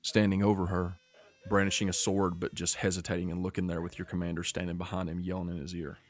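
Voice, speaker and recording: A man narrating as game master of a tabletop game, slowing down for dramatic scene-setting. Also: low voice, little pitch movement.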